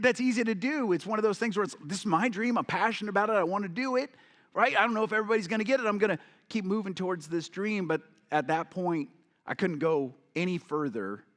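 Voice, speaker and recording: Male keynote speaker, storyteller type, slightly high voice, long reverb of a large hall. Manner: storytelling, acts out quoted voices, addresses audience. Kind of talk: motivational keynote talk. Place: large event hall with audience.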